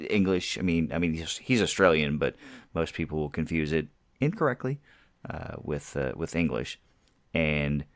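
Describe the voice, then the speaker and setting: A man's voice: a bass voice, no room sound, studio quality. A man co-hosting a podcast, chatting casually about films and laughing easily. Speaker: podcast co-host. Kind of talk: casual movie review chat.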